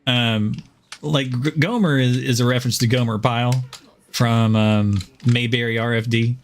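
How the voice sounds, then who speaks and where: A man's voice: medium pitch, steady tone, normal speed. A man from the American South with no Southern accent, casually rambling and chuckling as he chats during a game stream. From Southern United States. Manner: rambling, chuckles often, many fillers. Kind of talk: casual gaming stream chat.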